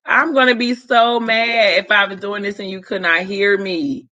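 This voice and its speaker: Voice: medium pitch, steady tone, normal speed, sharp tone, muffled recording. A vlogger casually retelling a story to viewers, rambling with loose asides and talking straight to the audience. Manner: talks straight to viewers, chatty.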